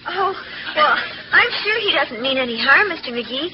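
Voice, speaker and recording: A woman's voice: high-pitched, lively intonation, moderate pace, faint music behind. A sweet, naive working girl. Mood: innocent. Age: young adult. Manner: innocent, breezy, guileless. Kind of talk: 1940s radio comedy acting. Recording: muffled old radio broadcast with hiss.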